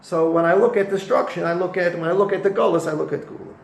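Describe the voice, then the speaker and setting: A man's voice: sits high, fairly even intonation, quick pace, vocal fry. A man, a rabbi, gives a weekly Torah lesson, telling the stories with animation and dropping Hebrew and Yiddish terms. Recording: echoey room with faint noise.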